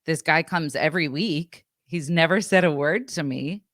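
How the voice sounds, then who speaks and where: A woman's voice: low voice, moderate pace, no echo, studio quality. A woman podcast co-host chatting casually, rambling and acting out what people said. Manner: rambling, animated, acts out quotes. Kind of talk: casual storytelling chat.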